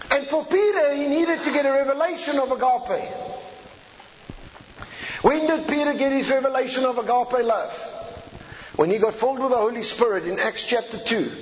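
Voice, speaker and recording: A man preaching a teaching sermon and often checking in with his listeners. His voice sits very high for a man. The recording is dull and lo-fi, with a long hall reverb trailing each phrase.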